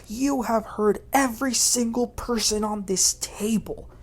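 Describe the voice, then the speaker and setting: A woman voicing a drunk, furious woman who shouts accusations at a dinner table. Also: on the high side, unhurried, pitched above the performer's own voice. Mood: scornful.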